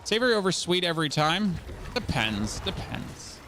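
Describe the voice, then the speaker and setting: A man's voice: high-pitched, sing-song, moderate pace, a bit bright, slight background noise. A German man, a native German speaker, chatting casually on his live stream, rambling, repeating words and swearing now and then. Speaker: game streamer.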